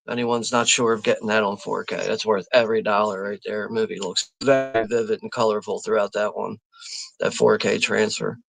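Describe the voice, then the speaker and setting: A man's voice: on the low side, fairly even intonation, a little fast, gravelly, fairly bright tone, no echo, rough recording. A man hosting a live watch party stream, chatting casually and rambling, with lots of fillers, restarts and easy chuckles. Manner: easygoing, chuckles often.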